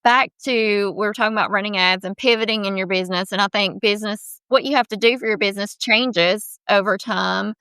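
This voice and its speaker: A woman's voice: medium pitch, fairly even intonation, fairly quick, few pauses, pushed and bright, clean tone, dry recording. A woman podcast host asking interview questions in an encouraging, affirming way.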